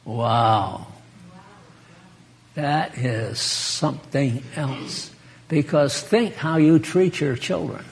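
A man's voice: medium pitch, very slow, creaky, a little hiss or hum. A man preaching an informal sermon in a chatty, folksy way, laughing and speaking to listeners by name.

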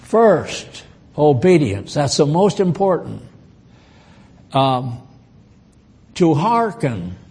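Slow, folksy older preacher. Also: male voice, a little high, very animated, darkish tone. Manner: folksy, bantering with the congregation, chuckling asides. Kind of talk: sermon.

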